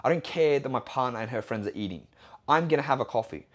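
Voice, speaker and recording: A man's voice: mid-range voice, expressive, fast talker. A young Australian man hosting a solo podcast as a fitness trainer, talking bluntly and assertively with plenty of swearing.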